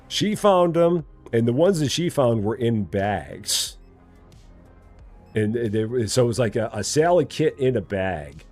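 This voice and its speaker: A man in his forties streaming a game live, chatting with viewers in a lively, joking way at a desk mic. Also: mid-range voice, a little slow, faint music behind. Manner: lively, talking to chat, jokingly challenging; hums and scats while working. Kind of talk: live gameplay chat.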